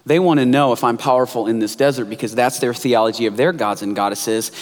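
A man voicing God with a deep, low, hushed and steady manner. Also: fast, close to an everyday voice. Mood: calm. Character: God, deep calm male divine voice. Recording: echoey hall.

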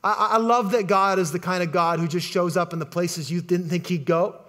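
A middle-aged man preaching a sermon, talking in a casual, animated way and repeating words as he builds to his points. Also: high-pitched, a little fast. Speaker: pastor.

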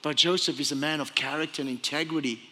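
High, bright-voiced male pastor preaching. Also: fast, in a large hall. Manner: animated, acts out quoted voices. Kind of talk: sermon.

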